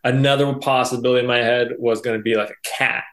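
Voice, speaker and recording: A man's voice: mid-range voice, steady tone, quick pace, fairly bright tone. A man in a casual group chat, rambling as he thinks aloud.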